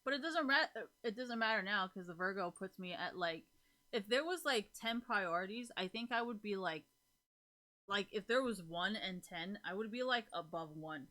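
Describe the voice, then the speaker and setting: A woman's voice: medium pitch, lively intonation, moderate pace, sharp tone. A woman livestreaming and chatting casually with her viewers, rambling through her thoughts with plenty of fillers, frequent laughter and casual swearing. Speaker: live streamer chatting with viewers. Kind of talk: casual chat.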